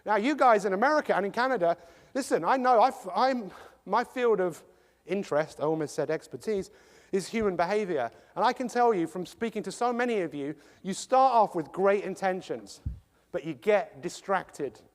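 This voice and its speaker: English man, motivational speaker, high voice, jokey and animated, long hall reverb. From England. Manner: animated, jokey, acts out quick impressions. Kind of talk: live motivational talk to an audience.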